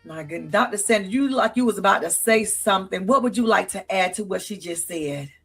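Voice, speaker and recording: A woman's voice: mid-range voice, animated, a little fast, breathy edge, faint music behind. A woman hosting a talk show, emotional and exclamatory with her guests.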